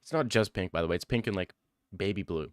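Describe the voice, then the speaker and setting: A man's voice: sits low, quick pace, no echo. A young man streaming live, answering his chat with defensive, joking replies and a lot of "bro.". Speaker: livestreamer reading chat. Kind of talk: casual livestream chat.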